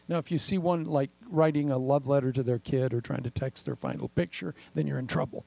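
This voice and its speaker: An older man preaching a sermon as pastor, animated and acting out the voices he quotes. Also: a little high, quick pace, creaky, few pauses, no echo, rough recording.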